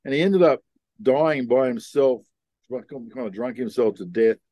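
An older man, talking in an easygoing, rambling manner. His voice sits at a middle pitch and sounds close and dry, with no room around it. He tells his stories loosely, full of asides and restarts. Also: a little slow, mellow, no echo. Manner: laid-back rambling storyteller. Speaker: guest. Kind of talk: casual storytelling interview.

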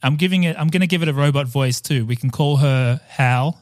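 A man's voice: on the high side, brisk, a little mellow, no echo, studio quality. Chatty, laughing podcast host man. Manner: playful, laughs often, chatty with restarts. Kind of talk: casual chat.

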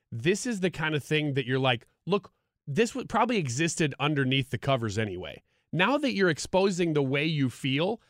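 Man, radio co-host, sniffly, bright tone, dry studio. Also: fairly high pitch, dry recording. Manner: laughing, rambling. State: sniffly, stuffy nose. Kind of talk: casual chat.

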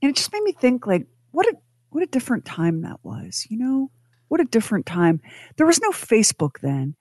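A woman's voice: a little high, wildly swooping pitch, brisk, a little mellow, no echo. A woman co-hosting a radio talk show, telling stories in a chatty way and putting on voices now and then. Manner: chatty, storytelling, mimics voices. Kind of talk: casual chat.

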